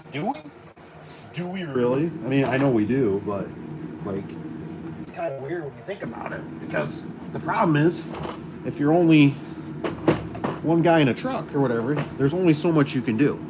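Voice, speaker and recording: Working with tools on a job site, a man who installs garage doors rambles in casual vlog chat full of fillers. His medium-pitched voice is expressive at normal speed, with long pauses. Vehicles and site noise fill the background.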